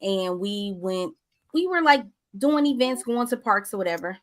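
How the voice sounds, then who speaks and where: A woman in a casual podcast discussion, telling a personal story in an animated, candid way. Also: mid-range voice, moderate pace, no echo.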